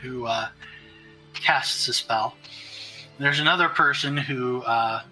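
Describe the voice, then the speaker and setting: Man, game master, tabletop narration, very bright voice, halting with fillers, faint music behind. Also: medium pitch, poor audio.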